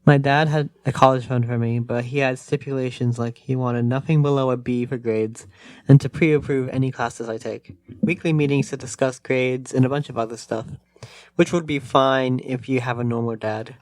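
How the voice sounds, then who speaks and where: A man co-hosting a podcast, reading a story aloud in a plain, steady way. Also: medium pitch, normal speed, no room sound. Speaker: podcast co-host.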